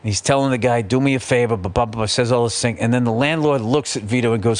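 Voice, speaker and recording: A middle-aged man talks through a podcast monologue at an ordinary pitch. He swears freely and stays animated, and he drops into quick voices as he retells scenes. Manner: profane, animated storytelling with impressions. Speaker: podcast host.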